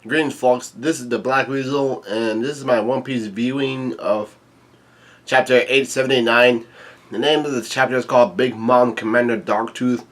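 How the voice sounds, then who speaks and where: A man giving a casual, laid-back read-through of a comic chapter, halting with many ums, uhs and restarts. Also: mid-range voice, steady tone, fairly bright tone. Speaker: YouTube manga reviewer.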